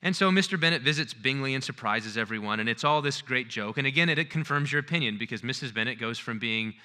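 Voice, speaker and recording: A male lecturer giving a conference talk in an animated, conversational way, acting out scenes as he goes. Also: medium pitch, fast.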